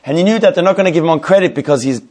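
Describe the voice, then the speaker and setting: A man teaching a Torah class who tells a story in a rapid, animated way, repeating himself and restarting his sentences often. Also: a little high.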